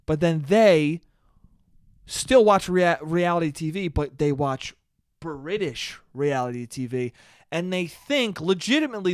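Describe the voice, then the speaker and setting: A man with an American accent and a fairly high voice rants through a solo podcast, sarcastic and full of swearing. He sounds exasperated and talks close to a microphone. The sound is dry, with no room echo. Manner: profane, sarcastic, exasperated ranting. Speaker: podcast host. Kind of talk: solo comedic rant.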